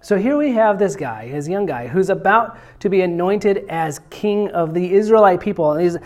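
A man's voice: high-pitched, animated, moderate pace. Chatty man giving a casual sermon. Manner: chatty and self-deprecating, speaks straight to the audience. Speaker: preacher.

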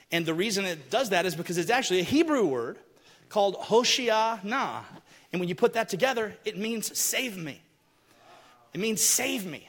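A man preaching a sermon, telling stories and acting out the people he quotes, building to loud, forceful passages. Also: high-pitched. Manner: animated storytelling, acts out quotes, rising to shouts. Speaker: pastor. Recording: long hall reverb.

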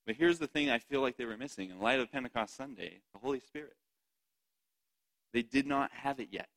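Bright-voiced man preaching with chatty laughs. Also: mid-range voice, poor audio. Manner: chatty, laughs often, asks the audience "right?". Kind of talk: sermon.

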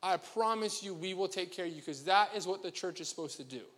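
A man's voice: sits high, fairly quick, fairly bright tone, big-room sound. A man preaching a sermon to his congregation, talking in a conversational, joking way straight to the people in front of him. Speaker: pastor. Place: church sanctuary.

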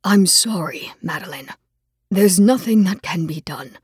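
A woman's voice: on the low side, lively intonation, a little slow, darkish tone, slightly rough, no echo, clean studio sound, full character voice. A woman reading an audiobook, voicing a middle-aged royal father who is kind but yielding, firm at first and then apologetic. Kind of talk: audiobook character voice.

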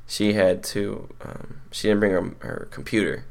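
A teenage man telling a story in a slow, crude, laughing way as a podcast co-host. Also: lowish voice, vocal fry. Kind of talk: casual chat.

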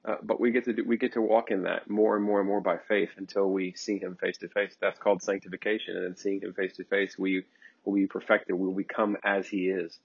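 A man preaches a sermon in a husky, somewhat low voice. He presses his points with fervent repetition and thinks aloud between them. The recording sounds dull and lo-fi. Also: level tone, a little fast. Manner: fervent and emphatic, with repeated phrases and frequent ums.

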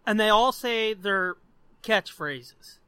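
Bright-voiced man ranting, profanity-heavy. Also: high-pitched, lively intonation, takes it slowly, clear, resonant tone, no echo. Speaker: podcast co-host. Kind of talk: casual comic review chat.

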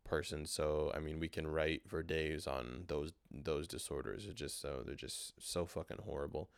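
A man hosting a solo podcast, rambling in a frustrated, swearing, low-energy way while talking into a portable recorder. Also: steady tone, moderate pace, gravelly, clear, resonant tone, no echo, clean studio sound. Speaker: podcast host. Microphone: handheld portable recorder.

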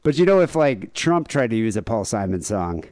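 A man's voice: on the low side, big pitch swings, moderate pace, a little mellow, dry recording, clean studio sound. A man co-hosting a podcast in casual comedic chat, rambling with lots of fillers and jokey asides. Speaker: podcast co-host.

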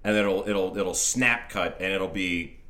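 Laid-back man with a very deep voice. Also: unhurried, bright, forceful tone. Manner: laid-back, adds dry jokes and agreement. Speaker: podcast co-host. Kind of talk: casual movie recap chat.

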